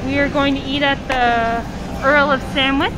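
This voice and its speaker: Excitable high-voiced woman vlogging. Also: moderate pace. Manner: excitable, gushing, repeats exclamations. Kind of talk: casual vlog chat. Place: hotel room. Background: background music.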